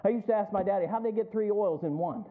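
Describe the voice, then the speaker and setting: A man's voice: high voice, fast talker. A male pastor preaching a sermon, rising in emphasis and calling out to the congregation for responses. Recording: tinny phone-like sound.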